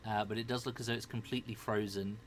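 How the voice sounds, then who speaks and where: A man running a streamed tabletop game, reading a character's demands slowly and deliberately, then chatting casually with players about connection problems. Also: lowish voice, flat delivery, a little hiss or hum. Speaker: dungeon master.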